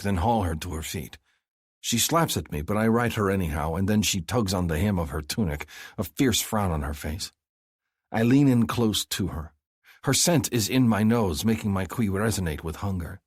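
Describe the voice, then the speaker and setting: A man reading a novel aloud in first person, measured and intense. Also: low voice, slightly rough, no echo, clean studio sound. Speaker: audiobook narrator. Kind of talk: scripted first-person narration.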